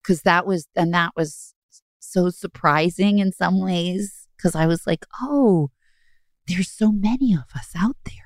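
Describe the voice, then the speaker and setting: A woman's voice: lowish voice, measured pace, dry recording, studio quality. A woman co-hosting a podcast in casual chat, effusive and rambling. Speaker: podcast co-host.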